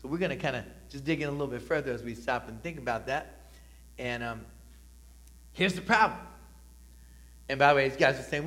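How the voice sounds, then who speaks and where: A male pastor preaching a sermon, calling on the congregation to respond and swinging between loud emphatic lines and soft, low asides. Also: a little fast, pauses often.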